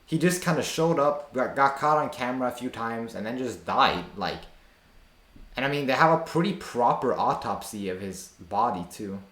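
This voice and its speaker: A man reacting to a video on stream, his pitch jumping all over as he talks back to the screen in loose, slangy, disbelieving chatter. His voice rings a little in an echoey room. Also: expressive, moderate pace, a bit bright. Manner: incredulous, slangy, lots of fillers. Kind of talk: casual reaction commentary.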